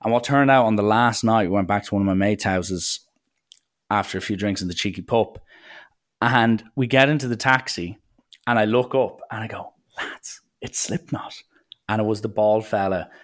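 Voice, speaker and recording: A young adult man with an Irish accent telling rambling, jokey stories in a casual monologue, often interrupting himself. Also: normal speed. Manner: animated, swings pitch for acted quotes.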